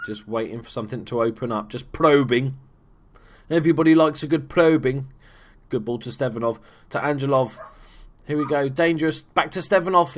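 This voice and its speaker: A man giving casual, chatty commentary over a football management game, swearing freely and bursting into shouts at big moments. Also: medium pitch. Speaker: gaming YouTuber. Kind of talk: casual let's play commentary.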